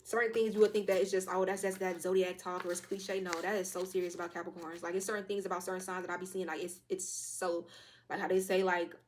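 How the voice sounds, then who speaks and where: Young adult woman, quick casual tarot reader, a touch hoarse, swears freely. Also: lowish voice. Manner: fast, loose and profane, with lively quoted asides. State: slightly hoarse throat.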